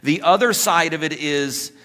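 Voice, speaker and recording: Preaching at an unhurried pace, a man with a fairly high, pushed and bright voice serves as pastor in a church whose hall gives the recording long reverb. He jokes with the congregation and acts out quoted voices, adding humorous asides.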